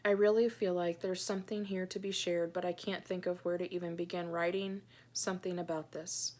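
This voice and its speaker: Soft, hesitant woman in her thirties. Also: on the low side, little pitch movement, fairly quick. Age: 30s. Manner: soft, hesitant, many ums; earnest and heartfelt. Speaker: Christian blogger. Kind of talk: personal vlog, reading her own journal aloud.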